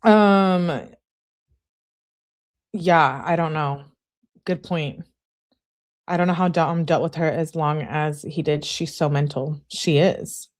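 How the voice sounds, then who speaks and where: A woman's voice: low voice, fairly even intonation, measured pace. A woman reading text messages on a live stream, talking to her chat with blunt, sarcastic asides.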